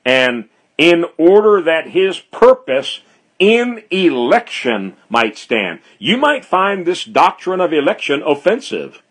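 Male preacher, measured unhurried delivery, repeats key phrases for emphasis. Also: on the high side, sing-song, fairly bright tone. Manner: slow, deliberate preaching with emphatic repetition. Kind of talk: expository sermon.

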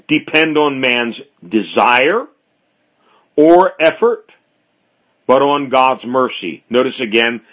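A man preaching an expository sermon, speaking deliberately and driving his points home through emphatic repetition. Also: medium pitch, fairly bright tone.

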